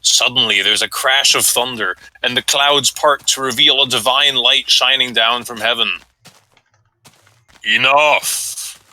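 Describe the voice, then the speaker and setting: A young man reading an absurd story aloud to friends on a voice chat call, mostly deadpan. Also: medium pitch, normal speed, hardly any pauses, no echo, poor audio. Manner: deadpan reading, breaks into laughter.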